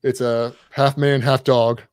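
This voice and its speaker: A man's voice: medium pitch, flat delivery, slow, clear, resonant tone, no room sound, clean studio sound. A man talking as a guest on a casual podcast, rambling and self-deprecating, with an irreverent streak. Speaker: guest content creator.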